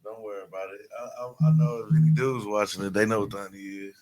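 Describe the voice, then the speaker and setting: A man's voice: on the low side, steady tone, quick pace, heavy background noise. A man co-hosting a podcast in casual chat, laid-back and wry. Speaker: podcast co-host.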